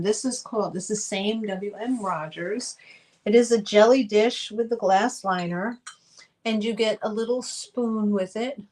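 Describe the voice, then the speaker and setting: A woman's voice: medium pitch, poor audio. A woman hosting a live online sale, chatting as she describes items for auction.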